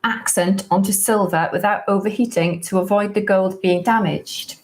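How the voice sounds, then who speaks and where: A woman's voice: mid-range voice, fairly even intonation, moderate pace, a little hiss or hum. A woman co-hosting a live stream, reading out viewers' questions plainly and briefly.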